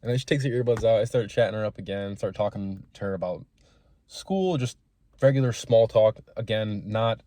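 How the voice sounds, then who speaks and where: A young man with a lowish voice rambles through frank, profanity-laced anecdotes in a loose, chatty way. The sound is dry and close, with no room echo around him. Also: normal speed, dark tone. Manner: profane, rambling, frank storytelling with acted-out quotes. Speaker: small business owner telling gym stories. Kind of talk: casual storytelling vlog.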